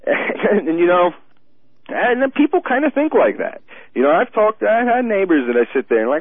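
A man in casual political talk who gets animated, restarts his sentences often and laughs mid-thought, heard over a tinny phone line. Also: a little high, moderate pace, husky, no room sound.

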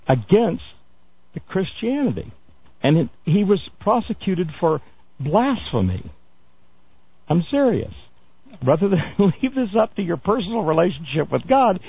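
Radio talk guy, gravelly husky voice, lots of uhs and restarts, sounds like a tinny phone line. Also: a little high. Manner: halting, many fillers and restarts, wry asides. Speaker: radio show host. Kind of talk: news commentary talk radio.

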